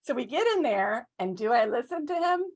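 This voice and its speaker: A woman giving a humorous storytelling speech at a club, animated and self-mocking, often asking the audience questions. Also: fairly high pitch, brisk. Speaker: club speaker.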